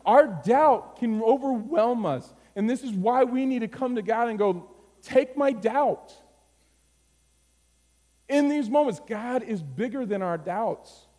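A man preaching a sermon, moving from low, quiet phrases to high, urgent pleading. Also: lively intonation, measured pace, hardly any pauses. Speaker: pastor. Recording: long hall reverb.

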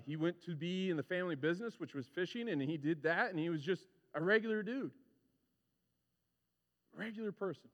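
A man preaching a conversational sermon, animated and casual, acting out the people he talks about. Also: fairly high pitch, highs cut off. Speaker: pastor. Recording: long reverb of a large hall.

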